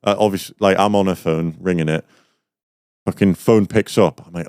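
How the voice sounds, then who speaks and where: A man's voice: low voice, fairly even intonation, normal speed, darkish tone, clear, resonant tone, dry recording, clean studio sound. A young man, a podcast guest, telling a rambling story in casual chat with lots of fillers.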